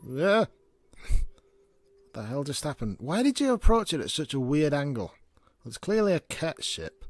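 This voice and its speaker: Lively sarcastic man commenting on gameplay. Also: a little high, moderate pace. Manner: chatty, sarcastic, reads game text aloud. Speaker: gameplay video host.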